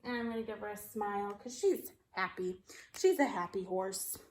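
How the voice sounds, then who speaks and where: A woman teaching a phonics lesson to kindergartners on video, speaking slowly and in a sing-song manner as she reads and spells along. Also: medium pitch, a little mellow. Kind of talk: video lesson for young children. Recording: echoey room.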